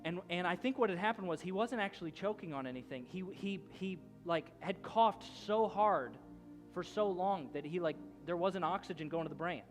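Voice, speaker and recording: A man's voice: sits high, normal speed. Man preaching over background music. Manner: storytelling, rising to loud shouting at the climax; conversational, many restarts. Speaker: pastor. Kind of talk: sermon.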